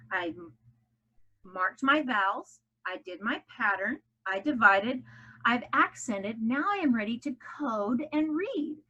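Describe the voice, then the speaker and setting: A woman's voice: a little high, sharp tone. A woman teaching a recorded phonics lesson for children, walking through the steps and having kids echo sounds after her. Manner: step-by-step, encouraging, repeats sounds for kids to echo.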